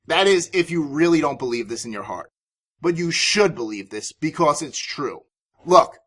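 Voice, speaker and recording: A man's voice: a little high, fairly bright tone. A man hosting a business podcast, giving sales advice in an emphatic, authoritative way. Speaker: podcast host and sales coach.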